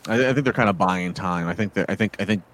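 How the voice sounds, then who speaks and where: A man with a very low voice in a casual wrestling chat. He thinks aloud, restarts his sentences often and works his way slowly to a point. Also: fairly bright tone. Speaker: podcast co-host.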